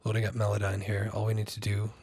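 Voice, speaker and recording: Low gravelly guy walking thru a music software tutorial, flat voice, dry close mic, lots of ums. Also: fast, no room sound. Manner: relaxed, rambling, frequent ums and likes. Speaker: music producer teaching a tutorial. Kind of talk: casual screen-recorded tutorial.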